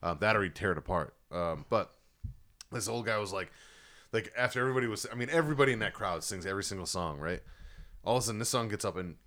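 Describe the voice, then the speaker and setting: A man's voice: lowish voice, animated, fast, a bit bright. A middle-aged man co-hosting a podcast, telling rambling stories with lots of swearing. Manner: rambling storyteller, heavy swearing. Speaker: podcast co-host. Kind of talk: casual chat.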